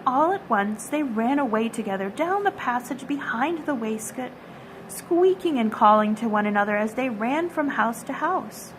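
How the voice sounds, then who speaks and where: A woman's voice: sits high, a little hiss or hum, poor audio. Woman reading a children's story aloud.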